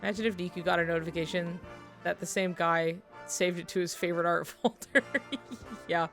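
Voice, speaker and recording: A woman's voice: fairly low pitch, flat delivery, fairly quick, a bit bright, soft background music. A woman streaming at home while drawing, telling a long story to her chat in a rambling, casual way with lots of fillers and laughing asides.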